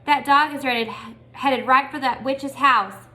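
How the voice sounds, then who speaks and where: A woman reading aloud and voicing a loud, taunting ten-year-old boy. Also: high voice, a little fast.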